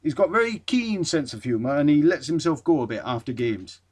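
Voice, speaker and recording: A man putting on a clumsy northern accent to read a blunt footballer's praise of a teammate, forceful and clipped. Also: on the high side, lively intonation, a little fast, slightly rough. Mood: insistent. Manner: attempted Geordie accent, clipped dialect grammar, forceful.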